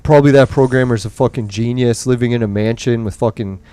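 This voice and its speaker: A man's voice: medium pitch, fast talker, dark tone, no room sound. A man commentating on a mobile game as he plays, ranting angrily and swearing nonstop while in nicotine withdrawal. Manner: angry swearing rant. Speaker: gaming streamer.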